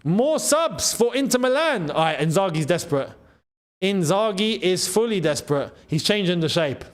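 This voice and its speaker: A young man hosting a live football watchalong, reacting to the match and shouting at big moments. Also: high-pitched, moderate pace. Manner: excitable, shouts at big chances and goals. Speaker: football channel host.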